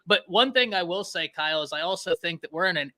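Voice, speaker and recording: Bright-voiced man with Texan-New York accent. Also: sits high, animated, fast talker. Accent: mix of Texan and New York. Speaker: co-host, football analyst. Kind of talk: casual sports talk.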